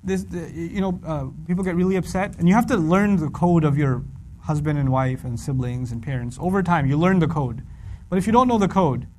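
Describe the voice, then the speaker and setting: A middle-aged man giving a humorous religious lecture, animated and repeating lines for emphasis. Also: on the high side, a little fast. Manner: animated, acts out quoted voices, repeats for emphasis. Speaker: Quran teacher.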